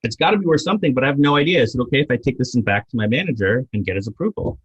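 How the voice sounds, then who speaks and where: A man's voice: medium pitch, expressive, rapid-fire, husky, no room sound. A man putting on a cheerful, helpful female bank loan officer while telling a joke, on a dull, lo-fi recording.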